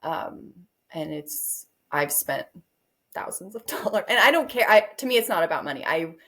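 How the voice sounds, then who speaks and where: A woman's voice: fairly low pitch, lively intonation, moderate pace, a bit bright. A woman guest author in casual interview chat, rambling a bit and laughing often.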